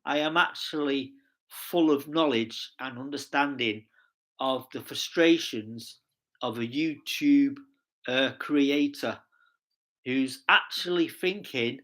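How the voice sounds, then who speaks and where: A man's voice: medium pitch, slow pace, a bit bright. An English man chatting casually on a live stream, rambling cheerfully and talking to his viewers in the chat. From England. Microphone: streaming setup mic.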